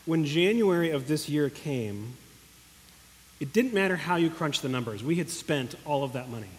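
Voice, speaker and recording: Man, pastor, earnest emotional sermon, higher voice, echoing church hall. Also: lively intonation, moderate pace. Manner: earnest, emotional, calls out to the congregation. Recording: long echo of a large hall.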